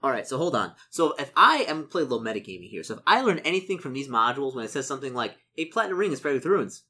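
A man playing a solo tabletop adventure, reading out the rules and shop lists and doing his sums aloud, easily excited. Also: mid-range voice. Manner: excitable, muttering calculations. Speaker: solo tabletop game player. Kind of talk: casual narration of a solo gamebook.

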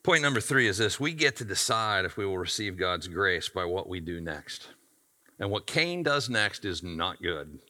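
A man's voice: deep voice, very animated, normal speed, pushed and bright. A man pastor delivering a sermon in an emphatic, conversational way.

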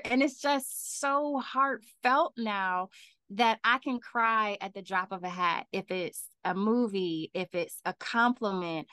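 A woman author answering podcast interview questions, talking animatedly and laughing often, her voice leaping up when she gets excited. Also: mid-range voice, takes it slowly, no room sound. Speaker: author and guest.

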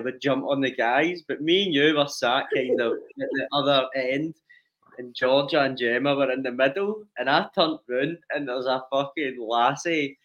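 A young man chatting in a relaxed way and chuckling as a podcast co-host. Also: mid-range voice. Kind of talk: casual chat. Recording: dull lo-fi sound.

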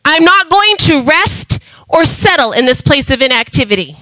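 Woman preacher, passionate sermon, loud calls and quiet asides, dry close sound. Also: high voice, sing-song, normal speed, dry recording, low-quality recording. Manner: impassioned, swings between loud emphatic calls and soft asides.

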